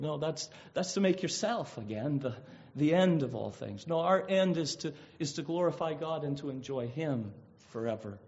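On a dull lo-fi recording, a man delivers a sermon at a measured pace in a medium-pitched, darkish voice. He's earnest and emphatic, lengthening key words and often starting phrases over.

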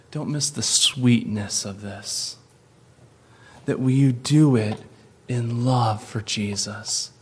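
A man preaching a sermon, earnest, slowing and softening for tender points and rising to emphatic peaks. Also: medium pitch. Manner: drops soft and slow for tender points. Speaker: pastor.

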